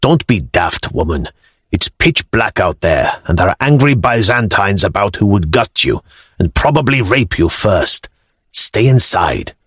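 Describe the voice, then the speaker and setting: A male narrator voicing a weary, wounded Norse warrior leader who speaks bluntly and gruffly in an audiobook. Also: on the low side, big pitch swings, unhurried, a bit bright, no room sound, clean studio sound, heavily acted.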